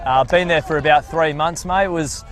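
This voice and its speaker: A man's voice: fairly high pitch, fairly even intonation, moderate pace, a bit bright, a faint crowd. Young aussie guy on the commentary mic outdoors, casual, lots of ums and mates. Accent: Australian. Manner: casual, hesitant, many fillers. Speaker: guest, community health educator. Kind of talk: on-air chat as a guest. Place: outdoors at a country football ground.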